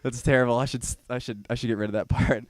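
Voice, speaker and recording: A young man tells a stand-up story in a rambling, self-mocking way on a small bar stage, with a handheld mic close to his mouth. His voice is smooth and clear, sits at an ordinary pitch, and sounds dry with very little room echo. Now and then he jumps into loud, high-pitched shouting. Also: steady tone, fast talker. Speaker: stand-up comedian. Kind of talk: stand-up comedy set.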